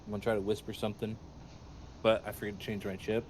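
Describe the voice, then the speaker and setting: A man playing a tabletop game over online voice chat, talking in quick, halting bursts with fillers. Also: on the low side, level tone, darkish tone, a little hiss or hum. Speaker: player. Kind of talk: casual chat.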